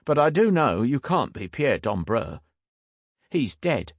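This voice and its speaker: A man's voice: medium pitch, big pitch swings, unhurried, warm tone, breathy edge, no room sound, clean studio sound, pitched above the performer's own voice, heavily acted. A man voicing a guarded, blustering young British man in an audiobook. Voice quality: blustering, defensive.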